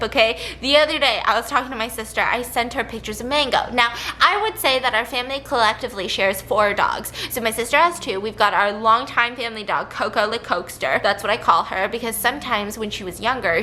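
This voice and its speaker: A woman vlogger tells stories in a casual chat, bright and clear in tone and a little high in pitch. She laughs easily and slips into other people's voices as she talks, with a faint hiss of room noise underneath. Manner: animated storyteller, laughing often and acting out others' voices.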